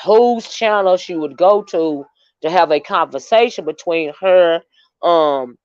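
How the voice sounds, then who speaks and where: A woman's voice: lowish voice, a little slow, darkish tone, no echo. Woman streamer, chatty rambling storyteller, muffled lo-fi home mic. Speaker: livestream host. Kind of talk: casual livestream commentary. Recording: dull, dry lo-fi stream audio.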